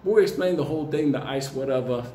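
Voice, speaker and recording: A man's voice: mid-range voice, quick pace, warm tone. A man telling a rambling personal story in a casual, heavily profane way, often breaking into laughter. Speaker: market commentator telling a story. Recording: echoey room, faint ambient noise.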